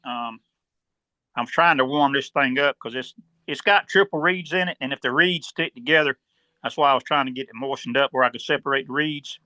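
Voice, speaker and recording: A man with a Southern US accent, calmly explaining turkey hunting step by step as a podcast guest and often clearing his throat. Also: medium pitch, fairly quick, no echo. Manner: steady, instructive, step-by-step.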